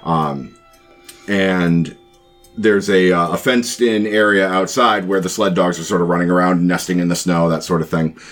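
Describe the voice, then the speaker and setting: A man with a low voice runs a tabletop game, describing scenes in a loose, rambling way full of fillers. Faint music plays behind him. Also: moderate pace, a bit bright. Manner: rambling, many fillers and restarts. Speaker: game master.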